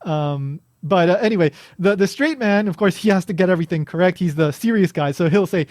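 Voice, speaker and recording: A man's voice: sits high, expressive, brisk, darkish tone, dry recording, studio quality. A man hosting a podcast, chatting casually and explaining things with lots of restarts and fillers. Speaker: podcast host.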